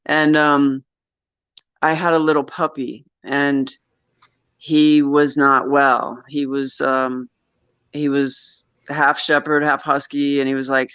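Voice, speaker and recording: Bright, tense-voiced man telling a rambling story. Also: mid-range voice, level tone, slow pace, clean tone, no echo. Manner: rambling, with frequent restarts and nervous laughs. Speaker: guest telling a personal story. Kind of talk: casual conversational storytelling. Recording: dull, lo-fi sound.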